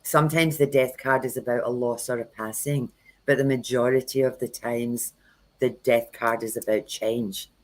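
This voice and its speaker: A woman's voice: rumbling low, fairly even intonation, normal speed, low-quality recording. Woman telling frank tarot stories. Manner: frank, anecdotal storytelling with acted-out quotes. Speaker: tarot reader and workshop host. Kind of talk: casual livestream chat.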